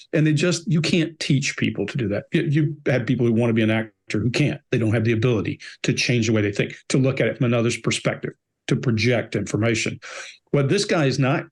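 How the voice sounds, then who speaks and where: A middle-aged man talks as a regular on a body language panel. He is blunt and emphatic and drives his points home by repeating them, in a voice of ordinary pitch. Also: husky. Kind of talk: casual panel discussion.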